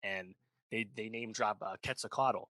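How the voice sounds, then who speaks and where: A man's voice: fairly low pitch, steady tone, normal speed, sharp tone, no echo. A man co-hosting a pop culture podcast, chatting casually and rambling, full of "like" and "you know, right?". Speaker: podcast co-host. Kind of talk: casual chat.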